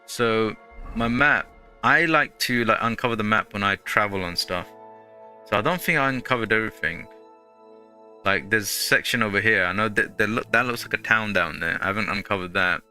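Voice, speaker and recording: A man's voice: on the low side, moderate pace, pushed and bright, soft background music. A man hosting a gaming channel, chatting casually through gameplay in a rambling way full of fillers.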